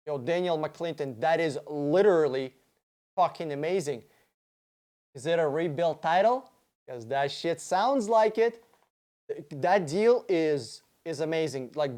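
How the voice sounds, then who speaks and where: Reading out questions from viewers on a laid-back livestream, this slightly high-voiced man answers with excitable, profanity-laced rambling.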